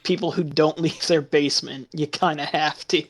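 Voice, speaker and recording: A man's voice: a little high, steady tone, moderate pace. A man chatting casually, laughing often through crude, sarcastic remarks. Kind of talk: casual chat.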